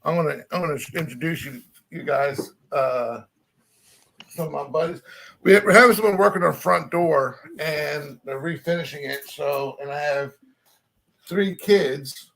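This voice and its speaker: A man's voice: a little high, a little slow, vocal fry, a bit bright, rough recording. A man in a casual chat, retelling a funny skit line by line. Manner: storytelling, retelling a skit with lots of "he goes".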